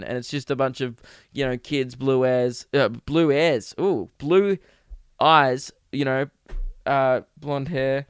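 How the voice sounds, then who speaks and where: A man's voice: medium pitch, slow, clean tone, dry recording, studio quality. A man with an Australian accent hosting a comedic podcast, rambling crudely and jokingly, often slipping into mock voices. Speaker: podcast host. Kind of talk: comedic solo podcast rant.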